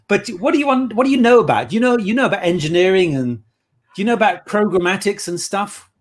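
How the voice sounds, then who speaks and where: A man's voice: sits high, expressive, brisk. A man on a casual interview, telling playful anecdotes about his work as an improv performer. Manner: chatty anecdotal storyteller, playful.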